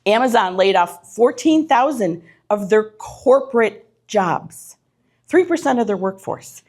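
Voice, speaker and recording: This keynote speaker, a middle-aged woman, has a mid-range, darkish voice with lively intonation and an unhurried pace. In an event room before a live crowd, she delivers motivation in a punchy, direct way, piling up short repeated phrases and lists.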